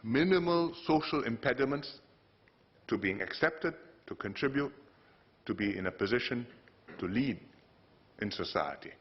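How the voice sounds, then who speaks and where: A man speaks to parliament, measured and unhurried, breaking his points into short phrases. His pitch swings widely, climbing sharply on words he stresses. The sound is dull and muffled, as from a podium microphone in a broadcast chamber. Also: expressive. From Singapore. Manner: measured, delivered in short phrases with emphatic rises. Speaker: politician addressing parliament. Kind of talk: formal parliamentary speech.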